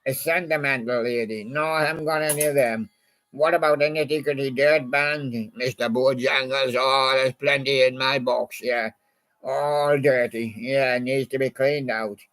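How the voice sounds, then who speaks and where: A man's voice: mid-range voice, steady tone, moderate pace, a bit bright. A man in a rambling, casual monologue, reminiscing about old songs and chatting to a toy badger. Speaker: channel host.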